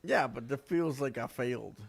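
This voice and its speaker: A man's voice: mid-range voice, lively intonation, moderate pace, gravelly, breathy edge. A male radio co-host with an ordinary mid-range voice who chimes in with short, dry answers. He speaks in a casual, easygoing studio chat. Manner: brief, dry replies. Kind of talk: casual sports talk radio.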